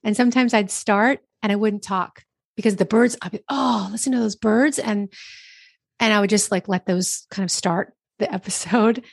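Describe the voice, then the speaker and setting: Woman from New Jersey, podcast guest; chatty, animated storyteller, dry close mic. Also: medium pitch, moderate pace, creaky, no room sound. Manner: chatty, animated, lots of quoted self-talk. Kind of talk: casual interview storytelling. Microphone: podcast microphone.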